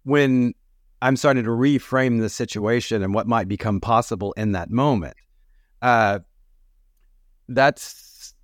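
A man's voice: mid-range voice, unhurried, long pauses, dry recording, clean studio sound. A man talking as a podcast guest, laid-back and chuckling as he speaks. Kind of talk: casual conversation.

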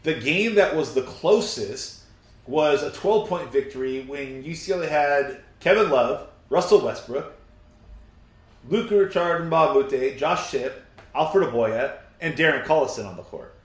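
A man co-hosting a casual sports podcast, riffing in a jokey, excitable way. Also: on the high side, a little slow, roomy sound.

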